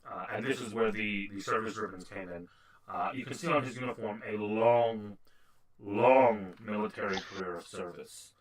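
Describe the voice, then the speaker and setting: A man's voice: fairly low pitch, moderate pace, rough recording. A man running a tabletop game as game master, describing scenes with frequent restarts. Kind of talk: narrating a tabletop game over a call.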